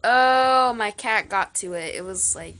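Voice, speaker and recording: In an unhurried, fairly bright mid-range voice, a teen girl who makes toy skits wraps up with playful, rambling outro chatter, using a put-on accent.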